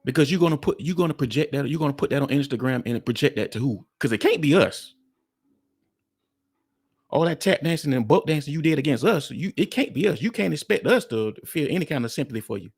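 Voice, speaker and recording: A man's voice: a little high, animated, quick pace, darkish tone, husky. A man hosting a reaction commentary, talking bluntly and mockingly to his viewers. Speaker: commentary host.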